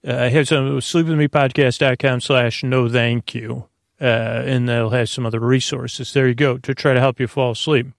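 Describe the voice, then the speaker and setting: A man's voice: medium pitch, steady tone, normal speed, vocal fry, dry recording, studio quality. A man hosting a sleep podcast, talking in a goofy, meandering way and correcting himself often. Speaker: podcast host. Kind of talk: rambling sleep podcast monologue.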